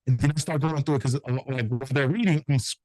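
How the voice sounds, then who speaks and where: A middle-aged man, a notary business owner, telling animated, profane anecdotes in a casual interview and acting out the people in them. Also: mid-range voice, fast, no echo, rough recording.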